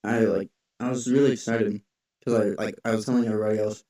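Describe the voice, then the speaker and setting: A young man co-hosting a casual podcast, telling stories in a rambling way, full of restarts and filler words. His voice is mellow and dark, and it is heard from a distance in an echoey room. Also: on the low side, level tone, fast talker. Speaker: podcast co-host. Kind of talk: casual chat. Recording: echoey room, far from the mic.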